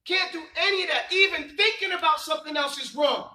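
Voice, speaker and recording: A man's voice: very high-pitched, brisk, pushed and bright, reverberant, far from the mic, a little hiss or hum, low-quality recording. A man teaching a religious class, quizzing his students and stressing key points. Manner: quizzing students, emphatic and repetitive. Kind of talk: classroom lesson with call and response.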